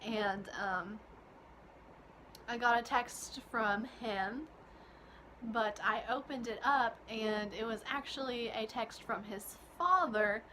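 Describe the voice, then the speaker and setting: A young woman from Kentucky narrates a personal story in a casual vlog. She is talkative and giggly, and her voice sits a little high. It has a bright, crisp edge. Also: takes it slowly, slight background noise. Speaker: vlogger.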